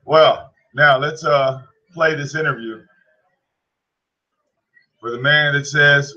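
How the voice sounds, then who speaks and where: Rambling man ranting, bright tense voice. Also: a little high, steady tone, slow pace, long pauses, lo-fi sound. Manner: rambling, repeats words, mocking. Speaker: streamer commenting on a played call. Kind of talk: casual rant.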